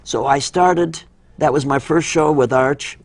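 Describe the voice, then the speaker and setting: An older man who was once a child radio actor tells anecdotes in an interview, his voice on the high side and a little slow, with no echo. He's animated and acts out the voices as he goes.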